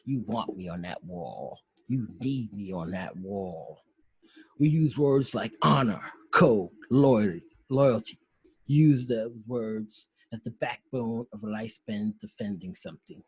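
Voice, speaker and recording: A hard-nosed, defiant colonel who pushes his words out and then drops low, as a man recites him. The voice is somewhat husky and dry, with nothing of the room around it. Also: lively intonation, takes it slowly, no echo, full character voice. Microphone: video call.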